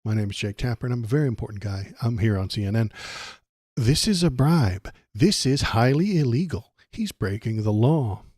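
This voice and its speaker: A man's voice: mid-range voice, expressive, moderate pace, no room sound, studio quality, lightly acted. A man putting on a mocking impression of a pompous male TV news anchor who declares something a bribe. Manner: sarcastic, loud, preening.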